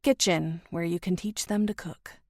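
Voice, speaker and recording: A woman narrator voicing a tender, protective man who reassures his partner softly. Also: on the low side, fairly even intonation, normal speed, dry recording, clean studio sound. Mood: reassuring.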